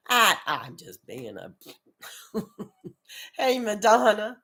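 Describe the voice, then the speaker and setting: Slow-talking chatty woman with a cold. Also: medium pitch, big pitch swings, a bit bright. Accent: rural American. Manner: chatty, laughs often, greets viewers by name. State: has a cold, coughing. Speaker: crochet channel host. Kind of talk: casual live stream chat.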